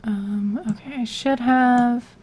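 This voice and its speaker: A woman's voice: fairly high pitch, fairly even intonation, slow, noisy background. A woman on a casual live stream who mutters to herself while she works and answers chat questions. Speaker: voicebank creator streaming.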